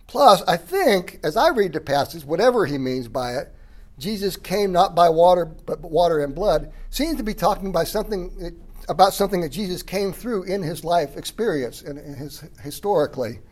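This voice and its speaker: A man preaching a sermon, explaining a passage in a relaxed, conversational way and often clearing his throat. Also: high-pitched, normal speed. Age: 30s or older. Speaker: pastor. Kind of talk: sermon teaching.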